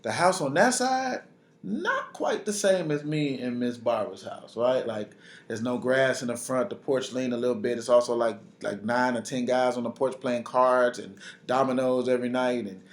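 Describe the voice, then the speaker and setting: A man in his thirties from Chicago, a pastor telling a story in an animated sermon at a conference. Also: mid-range voice, moderate pace. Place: conference stage. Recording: roomy hall sound.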